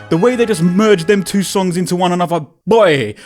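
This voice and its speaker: A young man tells an excited, slang-heavy story about a concert, swearing and acting out his own loud reactions. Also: high-pitched, brisk, few pauses, music in the background. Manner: animated, swearing, British slang, reacts in loud quoted exclamations. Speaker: video creator.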